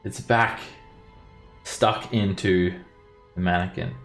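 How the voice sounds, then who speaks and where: A man narrating a tabletop game as dungeon master, describing scenes at an unhurried pace. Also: sits low, steady tone, fairly bright tone, echoey room, faint music behind.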